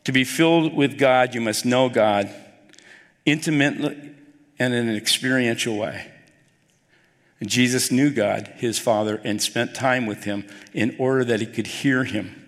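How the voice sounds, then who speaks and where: A man's voice: medium pitch, a little slow. Man preaching a sermon in a reverberant hall. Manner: animated storytelling, acting out quoted dialogue. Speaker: pastor.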